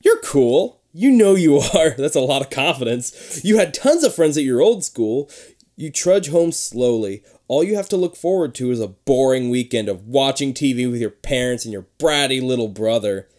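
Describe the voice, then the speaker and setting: A host reading a children's spooky book aloud in a mellow, darker voice, stopping to make sarcastic jokes. The pitch swings widely from line to line. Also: animated, moderate pace. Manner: sarcastic, breaks off the reading to mock the story. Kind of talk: comedic read-aloud with joking asides.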